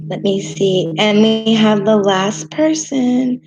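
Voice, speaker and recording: An excitable woman reads tarot live for her viewers, gushing with thanks and enthusiasm. Her voice sits at an ordinary pitch, with soft meditation music playing clearly underneath. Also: slow pace, muffled recording. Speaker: tarot reader. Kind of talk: live tarot reading stream. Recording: clear music bed behind voice.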